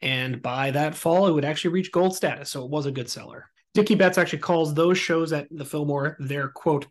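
Chatty storytelling man, higher voice. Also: fairly quick. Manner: animated, jokey storyteller. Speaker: podcast host. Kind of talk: casual storytelling chat.

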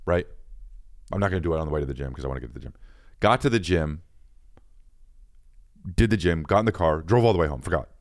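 A man comedian and podcast host tells a rambling, self-mocking story. His voice swings up and down in pitch. He talks in casual, animated bursts. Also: quick pace, pauses often.

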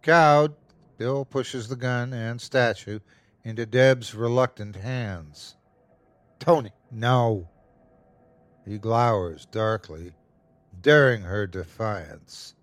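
Slow, tense male horror narrator. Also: mid-range voice, no echo. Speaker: host and narrator. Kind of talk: first-person horror story narration.

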